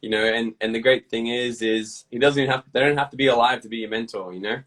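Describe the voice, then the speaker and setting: A man being interviewed, talking bluntly with lots of swearing and lively storytelling. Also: medium pitch, quick pace, far from the mic, poor audio. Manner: blunt, profane, animated storytelling. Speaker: guest. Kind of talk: casual interview chat.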